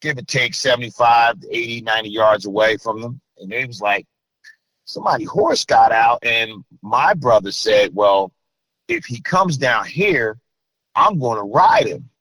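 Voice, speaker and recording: A middle-aged man from New Jersey tells his story as an interview guest. He talks in a mid-pitched voice and gets loud and animated when he acts out what others said. The sound is dry and close. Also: moderate pace, dry recording, rough recording.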